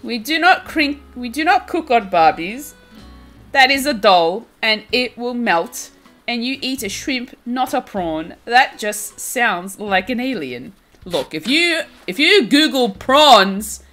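A young American woman streaming a game, joking with her chat and breaking into giggles again and again. Her voice is bright and a little high, and it swings up and down with lively expression. She talks at an unhurried pace over soft game music in the background. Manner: playful and teasing, laughs constantly. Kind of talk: casual live-stream chat.

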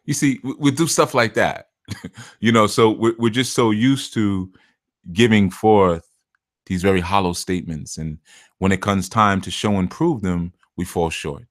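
Male spiritual teacher, casual and chatty, low voice, dry close recording. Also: a little slow, no echo. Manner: conversational, laughs often, puts on voices for quotes. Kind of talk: casual talk to listeners.

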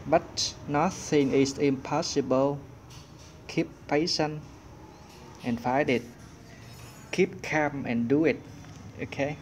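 Slow man talking through a workbook. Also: a little high, steady tone, a little hiss or hum. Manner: slow, thinking aloud while searching. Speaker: English teacher. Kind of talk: workbook walkthrough lesson.

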